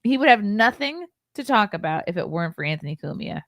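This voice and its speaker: A woman's voice: medium pitch, very animated, fast, fairly bright tone, no echo, studio quality. A woman hosting a podcast, chatting casually and mocking the man in a video she is reacting to. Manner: blunt, mocking. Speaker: podcast host.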